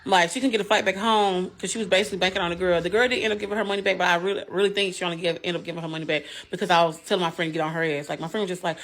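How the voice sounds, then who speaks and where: A woman telling a story in a casual, profane and animated way. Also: medium pitch, very fast, few pauses.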